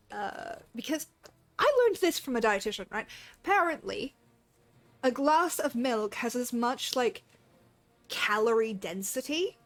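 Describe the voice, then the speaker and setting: Woman, game streamer, casual rambling chat, filler-heavy, fairly high voice.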